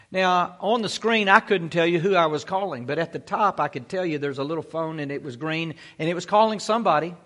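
A man's voice: high-pitched, a bit bright. A male pastor preaching a folksy sermon in a church, sprinkling his talk with amens and praise Gods. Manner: folksy, peppers speech with amen and praise God.

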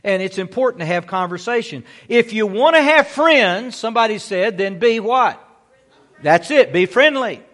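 Bright-voiced, high-pitched preacher. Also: male voice, lively intonation, moderate pace, long reverb tail. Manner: exhorting, peppered with "amen" and rhetorical questions. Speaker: pastor. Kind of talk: sermon.

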